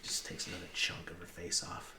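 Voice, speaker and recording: A man narrating as game master, in a hushed, halting voice with many fillers. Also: in a whisper, recorded from a distance. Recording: echoey room with background noise.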